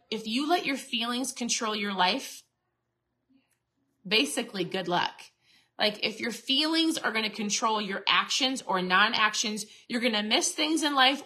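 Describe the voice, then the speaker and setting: A middle-aged woman who is a keto coach and podcast host gives a casual motivational talk, chatty and earnest, often restarting and repeating herself. Her voice is on the high side, pushed and bright.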